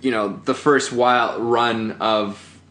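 A man's voice: mid-range voice, fairly even intonation, takes it slowly, a bit bright. Male actor, mid-range voice, rambling casual storyteller, echoey room. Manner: rambling, many fillers and restarts, laughs often. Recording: roomy echo.

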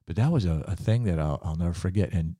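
A man's voice: sits low, fast, mellow, no echo, studio quality. A man from Ohio, a pastor and podcast host, telling a story in an earnest, emphatic preaching way with frequent filler words.

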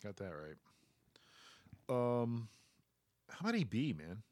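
A man's voice: mid-range voice, very animated, slow pace, a little mellow, no echo. A man co-hosting a casual sports talk show, loose and joking, often trailing off and restarting.

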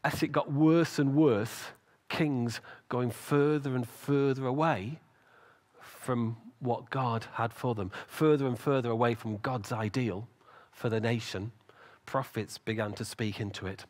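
A man preaching a sermon, retelling a story with lively acted-out voices. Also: medium pitch, unhurried. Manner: animated storytelling with acted quotes.

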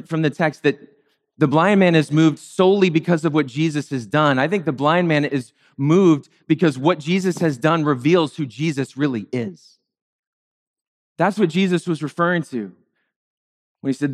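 Male pastor, sermon, high voice, conversational and wry, playful character voices.

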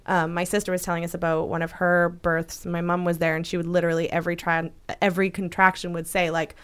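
A woman's voice: fairly low pitch, level tone, fast talker, smooth. A woman co-hosting a podcast, talking earnestly and reassuringly with a partner, often restarting her thoughts. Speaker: podcast co-host, supporting partner. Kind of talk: casual chat.

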